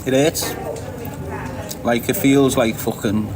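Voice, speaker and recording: A Liverpool-accented livestream host speaks slowly in a steady, medium-pitched voice while reading viewer comments. His chat is casual and blunt, laced with swearing and frequent laughter.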